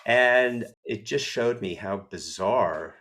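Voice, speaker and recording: A man with an American accent, an entertainment attorney telling animated, self-deprecating stories in a casual interview. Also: medium pitch, slow pace. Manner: animated, self-deprecating storyteller with a snarky edge.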